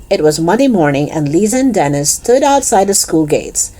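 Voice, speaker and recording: A woman's voice: fairly low pitch, normal speed, few pauses. Woman reading a children's book aloud. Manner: expressive, even storytelling. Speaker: storyteller.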